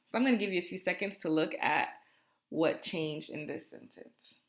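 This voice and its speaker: In a video lesson for first graders, a low-pitched woman talks slowly and clearly with an encouraging tone. She draws out phrases for the children to repeat after her.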